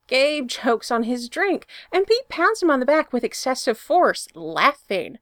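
A woman reads a story aloud with a lively, expressive delivery. Her voice sits on the high side and moves a lot. The recording is dry and close. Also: unhurried, hardly any pauses, no echo. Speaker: fan fiction reader. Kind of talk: storybook narration.

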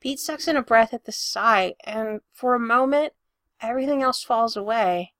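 Bright-voiced woman reading a story. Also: on the high side, normal speed, no echo, clean studio sound. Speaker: narrator. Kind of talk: reading fiction aloud.

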